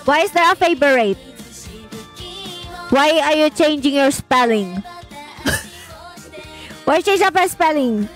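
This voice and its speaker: A woman's voice: sits high, lively intonation, slow, long pauses, soft background music. A young woman chatting playfully on a phone livestream, reading viewer comments aloud and often laughing. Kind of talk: casual livestream chat.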